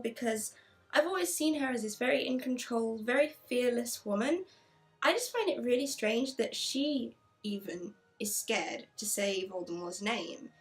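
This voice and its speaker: A woman's voice: fairly high pitch, fairly bright tone. A woman chatting enthusiastically in a casual book review, reading passages aloud. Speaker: book vlogger.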